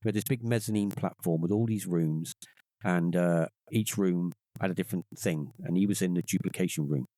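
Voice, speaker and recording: A middle-aged man tells a story in a lowish, mellow voice, jumping up in pitch to act out the people in it. The recording is dry and close, with no room sound. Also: fairly quick, no echo. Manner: animated, acts out quoted voices in a higher pitch. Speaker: podcast guest. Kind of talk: casual storytelling.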